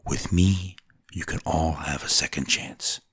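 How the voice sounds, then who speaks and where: A man voicing a fearless, loving village mother in a soft, hushed, whispery delivery. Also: extremely low pitch, a little slow, slightly rough, dry recording, clean studio sound, heavily acted. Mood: tender.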